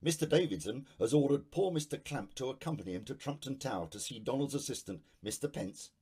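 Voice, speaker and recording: A man's voice: mid-range voice, expressive, a little fast, hardly any pauses, darkish tone, breathy edge. A man giving wry, satirical storybook narration.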